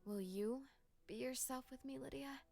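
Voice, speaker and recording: An earnest young woman, voiced by a woman, coaxes her friend with calm, persuasive lines. She speaks in a fairly high voice and recites old verses gently, as in a story-driven game. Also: normal speed, creaky, soft background music. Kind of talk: video game voice acting.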